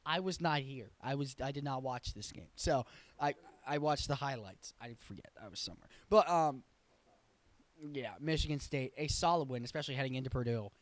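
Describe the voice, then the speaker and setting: A man's voice: mid-range voice, expressive, brisk. A man hosting a sports show, giving blunt, opinionated, rambling commentary full of self-corrections in a casual tone.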